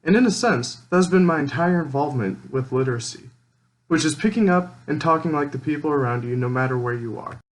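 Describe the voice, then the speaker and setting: A young man from Nebraska with a Midwestern accent tinged with Minnesotan, reading a relaxed, plainspoken scripted narration for a college class. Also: fairly high pitch, a little fast, poor audio. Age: young adult. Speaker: college student.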